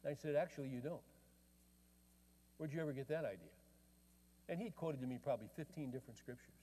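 A man's voice: on the high side, animated, fast talker, long pauses, mellow. A middle-aged man preaching a sermon as a pastor, telling a story in a conversational way and quoting both sides of a dialogue. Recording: long reverb of a large hall.

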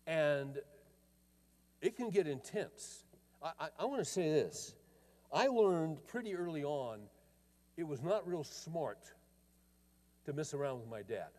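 Older man, pastor, folksy storytelling sermon, slightly high warm voice, long hall reverb. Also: animated, measured pace, pauses often. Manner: folksy, conversational, often restarts phrases.

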